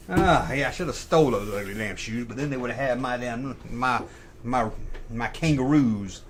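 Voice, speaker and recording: A man's voice: mid-range voice, moderate pace, a little hiss or hum. A middle-aged man hosting a live stream, casually telling rambling, profane anecdotes and correcting himself as he goes. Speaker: livestream host.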